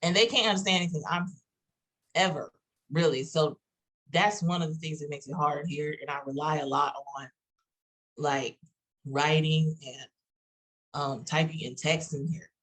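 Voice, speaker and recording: A woman from Texas with a Texas accent, talking casually on a panel in a halting way with many restarts and fillers. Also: low-pitched, fairly bright tone, low-quality recording.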